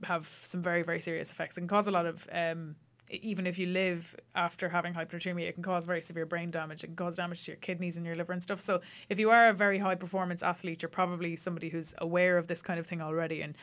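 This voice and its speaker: A woman's voice: on the low side, level tone, racing, few pauses, fairly bright tone. A woman co-hosting a casual science podcast, explaining facts with many fillers and restarts. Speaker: podcast co-host.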